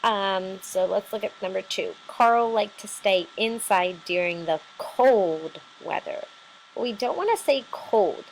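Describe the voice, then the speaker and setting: A woman's voice: mid-range voice, slow pace, creaky, slight background noise, poor audio. A woman teacher giving a recorded lesson, explaining patiently step by step with many fillers.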